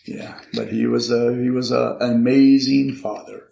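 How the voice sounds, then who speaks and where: An older man, a podcast guest, earnestly telling a personal story about his father, halting often with repeated restarts. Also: mid-range voice, steady tone, gravelly, warm tone, lo-fi sound. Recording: echoey room. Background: card shuffling.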